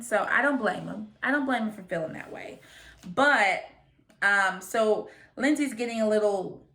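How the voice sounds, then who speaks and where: A woman's voice: mid-range voice, sharp tone. A young woman giving a chatty, opinionated recap of a reality show, quoting the people on it in her own voice. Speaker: recap vlogger.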